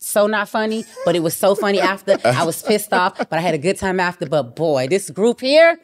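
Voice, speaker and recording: Animated woman telling a story. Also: brisk. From Miami. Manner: animated, acts out quotes with sudden high exclamations. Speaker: guest rapper. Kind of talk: casual storytelling.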